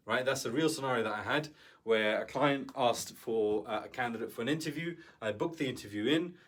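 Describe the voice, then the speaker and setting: Fairly quick and fairly bright, the medium-pitched voice belongs to a man acting as a business coach in an instructional talk. He stays conversational throughout, repeatedly checking in with listeners by saying "right?"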